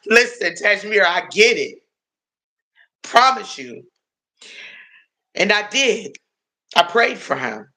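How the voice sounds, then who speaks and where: A woman's voice: mid-range voice, very animated, slow pace, pauses often, pushed and bright. A middle-aged woman from Washington, D.C., telling viewers about her past on a livestream in an earnest, confiding way. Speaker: livestream host sharing her story. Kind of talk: emotional personal testimony on a livestream.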